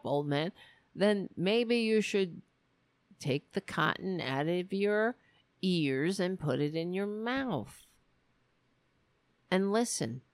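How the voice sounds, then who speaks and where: A woman's voice: mid-range voice, no echo. A woman hosting a political commentary show, ranting in a sarcastic, mocking and profane way.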